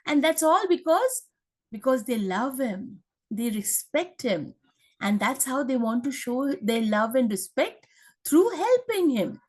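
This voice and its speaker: A woman's voice: sits high, big pitch swings, measured pace. A woman teacher, explaining a story in a chatty way with many fillers and checks. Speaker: English teacher. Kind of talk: explaining a lesson.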